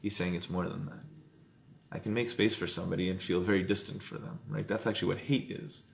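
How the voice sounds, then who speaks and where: A man teaching an informal Jewish text study class, conversational, often checking in with "right?" and loudly acting out inner voices. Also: low-pitched, steady tone, a little fast, vocal fry, slight background noise.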